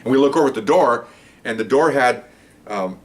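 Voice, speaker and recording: A man's voice: mid-range voice, animated, fairly quick, distant mic. An older man, a retired police officer, telling a story in a casual, rambling way with many restarts.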